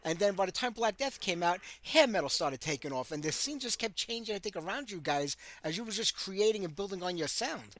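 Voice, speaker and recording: A man hosting a metal radio interview, sharing quick, enthusiastic commentary as a longtime fan. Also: high-pitched, expressive, fairly bright tone. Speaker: radio show host. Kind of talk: casual interview chat.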